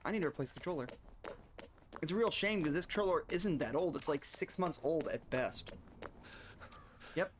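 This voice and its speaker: A man's voice: mid-range voice, brisk, slight background noise. A man streaming a video game, chatting casually and rambling with restarts and asides to his viewers. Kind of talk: casual gameplay commentary.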